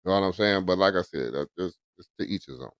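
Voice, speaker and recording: A man's voice: low-pitched, expressive, fast talker, no room sound, studio quality. A man chatting casually as a podcast co-host, laid-back and repeating "you know what I'm saying". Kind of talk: casual chat.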